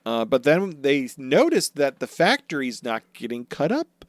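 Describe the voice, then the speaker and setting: A man of middle pitch chats through an anime recap and swears freely. He slips into quick silly character voices as he goes. The recording is dry and close. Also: big pitch swings, no room sound. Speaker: podcast co-host. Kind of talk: casual chat recapping anime episodes.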